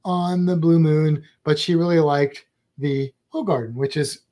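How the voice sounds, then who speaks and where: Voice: mid-range voice, fairly even intonation, unhurried, mellow. Rambling, chatty vlog co-host. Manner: rambling and chatty, with playful asides. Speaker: travel vlogger. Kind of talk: casual chat.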